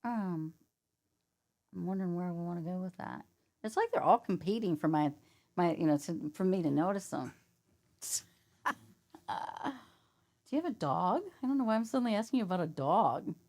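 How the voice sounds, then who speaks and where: A woman's voice: lowish voice, animated, normal speed, long pauses, a little mellow. A woman working as a psychic medium, chatting casually on a podcast, laughing often and acting out quoted voices.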